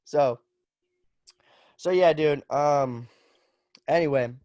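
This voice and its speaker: A man's voice: medium pitch, normal speed, darkish tone, dry recording. Young man rambling casually, dry sound. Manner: loose and profane, heavy on "like" and "bro". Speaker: podcast guest. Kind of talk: casual chat.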